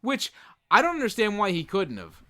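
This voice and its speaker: A man's voice: sits high, huge pitch swings, moderate pace, a bit bright. A man co-hosting a podcast, dropping wry jokes and pushback in casual movie-review chat. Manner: wry, jokey interjections. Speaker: podcast co-host.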